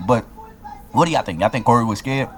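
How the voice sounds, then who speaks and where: A man's voice: mid-range voice, quick pace, crowd noise. A man hosting a reaction video, casual and slangy, laughing and talking to his viewers.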